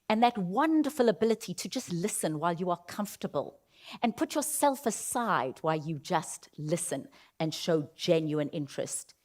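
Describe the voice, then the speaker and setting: A woman giving a motivational keynote talk in an auditorium, leading the audience through vocal exercises. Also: medium pitch. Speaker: keynote speaker. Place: auditorium stage.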